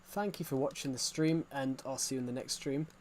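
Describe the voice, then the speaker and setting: Speaking fairly quickly in a mid-range voice, a young man with an English accent chats on his game stream while a little hiss or hum sits under the audio. The England-born streamer rambles casually, restarting a lot and filling gaps with fillers.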